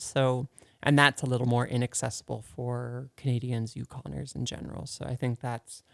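A man co-hosting a radio show in a studio, talking casually and thoughtfully, pausing often with ums. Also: medium pitch, no echo. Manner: hesitant, many ums, thoughtful. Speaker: radio co-host.

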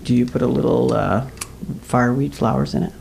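A man from northern Canada co-hosting a podcast with dry, deadpan quips. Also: mid-range voice, fairly quick, creaky, a little hiss or hum. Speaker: podcast co-host. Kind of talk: casual chat.

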